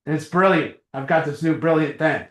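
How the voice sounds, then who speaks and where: This middle-aged man's voice is fairly high, a bit bright and a little fast, echoing around the meeting room. Addressing a small recovery group casually, he keeps things conversational and plays out little exchanges with a chuckle.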